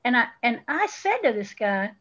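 A woman's voice: a little high, very animated, moderate pace, a bit bright, highs cut off. Feisty Southern woman podcaster. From Southern United States. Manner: feisty, blunt storyteller. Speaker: podcast co-host. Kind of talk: casual chat.

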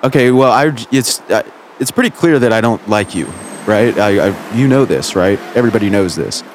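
A man's voice: lowish voice, animated, normal speed, slight background noise. Stammering, incredulous male radio host. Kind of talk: comedic call-in interview.

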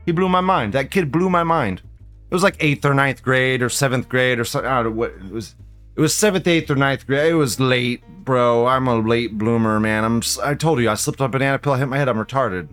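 A man's voice: mid-range voice, brisk, fairly bright tone, faint music behind. A man hosting a live show, ranting in a casual, profane, rambling way and repeating himself. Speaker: livestream show host.

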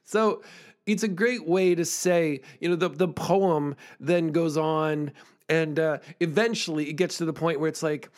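A man's voice: a little high, steady tone, a little slow. Earnest, chatty male storyteller. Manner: earnest, chatty, laughs often, repeats words when starting phrases. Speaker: podcast host and school songwriting performer. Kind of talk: storytelling monologue.

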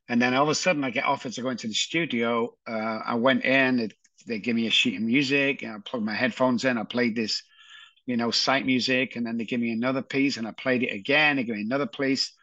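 A man with a Manchester accent, telling his life story as a podcast guest in a chatty, animated way. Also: mid-range voice, dry recording. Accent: Manchester English. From England. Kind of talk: casual storytelling.

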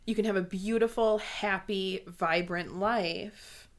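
A woman's voice: medium pitch, steady tone, takes it slowly. A young woman co-hosting a casual book discussion, bubbly and laughing often as she reads passages aloud. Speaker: podcast co-host.

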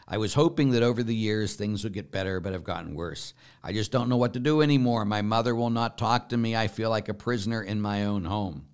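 A priest with a fairly low male voice talks through viewer questions in a relaxed, conversational way. He reads each question aloud, then answers in plain words and walks the listener through an imagined scene one step at a time. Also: a little fast, hardly any pauses, clear, resonant tone. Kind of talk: casual spiritual Q&A, reading questions aloud.

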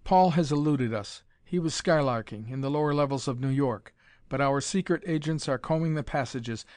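A man's voice: mid-range voice, moderate pace, darkish tone, no room sound, close to an everyday voice. A man voicing a frightened male ambassador pleading for mercy, in a dry recording. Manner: pleading, fearful.

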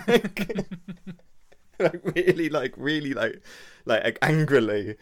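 A young man co-hosting a podcast, chatting casually and telling an animated story, laughing often. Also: medium pitch, takes it slowly. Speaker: podcast co-host. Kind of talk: casual chat.

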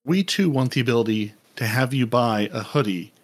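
A man's voice: mid-range voice, brisk. Playful rambling male podcast host. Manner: playful, rambling, stumbling over repeated words. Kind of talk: casual gaming podcast chat.

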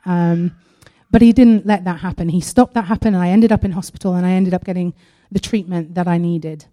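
A woman sharing a personal testimony at a church service, earnest and halting, partly reading aloud from her own writing. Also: lowish voice, steady tone, warm tone. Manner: earnest and halting, with frequent pauses.

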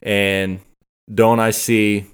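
A man's voice: lowish voice, level tone, very slow, clean tone. A man on a podcast telling a story in casual chat, rambling and acting out the dialogue he recalls. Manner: rambling, acts out quoted dialogue. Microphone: podcast microphone.

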